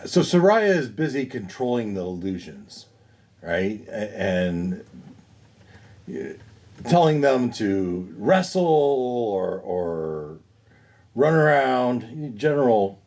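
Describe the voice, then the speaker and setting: A man's voice: on the low side, sing-song, slow, darkish tone. A man playing a tabletop game with friends, chatty and joking. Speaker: player. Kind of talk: casual tabletop game chat.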